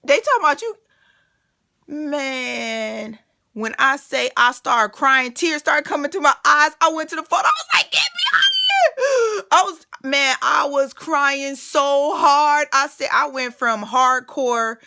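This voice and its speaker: A woman vlogger telling a personal story in a casual, animated way, quoting people and piling up fillers. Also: sits high, slow, creaky. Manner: animated, full of fillers and restarts, quotes people.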